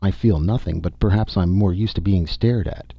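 Brisk, soft-spoken female explorer for a sci-fi audiobook, voiced by a husky male reader. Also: low voice, no room sound. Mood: calm. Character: calm capable woman explorer in a pressure suit. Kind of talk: audiobook dialogue. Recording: dull dry recording.

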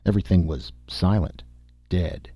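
A man narrating a science fiction story in a steady, measured reading voice, with a husky tone. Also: low voice, no echo. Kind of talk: audiobook narration.

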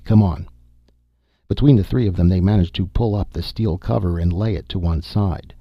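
Male narrator, very deep, husky, dry close sound, dull lo-fi audiobook recording. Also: fairly quick, dry recording. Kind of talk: scripted narration.

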